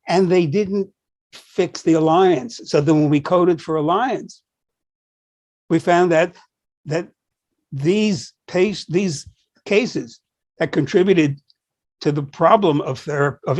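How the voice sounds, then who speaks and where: Older male co-host, higher-pitched, anecdotal and animated in conversation. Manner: anecdotal storyteller, acts out quoted dialogue. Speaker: podcast co-host, psychology professor. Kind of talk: conversational discussion.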